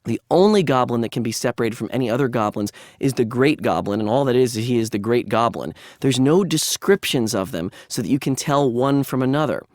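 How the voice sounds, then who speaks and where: A man's voice: mid-range voice, lively intonation, brisk, few pauses, darkish tone, dry recording, studio quality. A man lecturing on literature in a conversational, analytical way, with frequent asides. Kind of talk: academic lecture.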